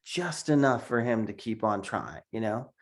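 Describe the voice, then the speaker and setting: Man telling animated stories on a video call. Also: medium pitch, normal speed. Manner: animated, laughs often, repeats words. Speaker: cartoonist guest. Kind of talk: casual interview storytelling.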